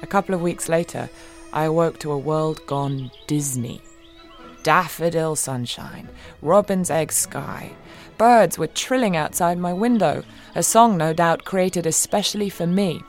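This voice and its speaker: Low-voiced woman narrating an audiobook. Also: a little slow, faint music behind. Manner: wry, expressive, swings between giddy and hushed. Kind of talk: first-person audiobook narration.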